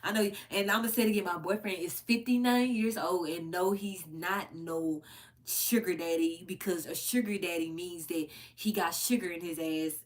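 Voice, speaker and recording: A woman hosting her own commentary channel, ranting bluntly and profanely to her viewers, her pitch leaping high whenever she gets worked up. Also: fairly even intonation, normal speed. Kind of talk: unscripted rant to camera.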